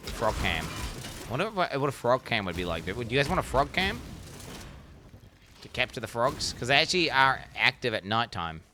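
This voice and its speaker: Excitable, swearing game streamer man. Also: medium pitch, moderate pace, noisy background. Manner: excitable, profane, chatty asides to chat. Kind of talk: casual gaming commentary.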